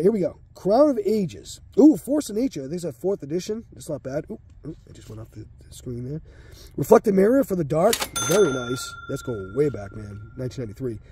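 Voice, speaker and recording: Middle-aged man, casual pack-opening chatter, slightly high and warm. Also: slightly rough, no echo. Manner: laid-back and slangy, calls viewers man and dude. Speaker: card pack opener. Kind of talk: casual commentary while opening packs.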